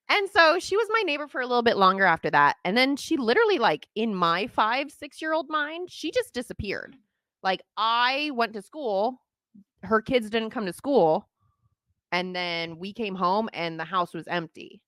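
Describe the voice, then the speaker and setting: Animated woman telling a story. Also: medium pitch, normal speed, no echo. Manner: animated, laughs often, acts out quoted voices. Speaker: podcast host. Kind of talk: casual storytelling chat.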